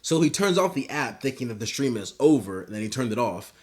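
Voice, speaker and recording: A man's voice: mid-range voice, big pitch swings, brisk, a little mellow. A young man giving a casual comedic commentary, rambling with lots of fillers and swearing, speaking into a home microphone. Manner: rambling, filler-heavy, profane. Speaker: YouTube commentator.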